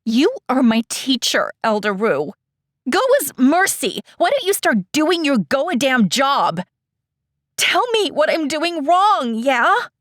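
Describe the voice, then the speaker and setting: A woman voicing an impatient, frustrated young female trainee, talking heated and exasperated in a raised, lively voice. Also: measured pace, no room sound, clean studio sound. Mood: frustrated, pleading. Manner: heated, exasperated, higher and louder.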